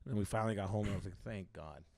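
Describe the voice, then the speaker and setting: A young man co-hosting a podcast, telling stories in a casual, profane, animated way with lots of fillers. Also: on the low side, racing, creaky, no echo. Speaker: podcast co-host. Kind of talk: casual storytelling chat.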